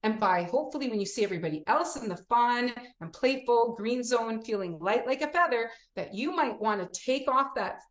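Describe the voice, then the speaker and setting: A woman teacher talking in an interview, expressive, often acting out classroom examples and asking "right?". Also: on the high side, brisk, hardly any pauses. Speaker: teacher and children's program creator. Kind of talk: animated interview talk. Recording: echoey room.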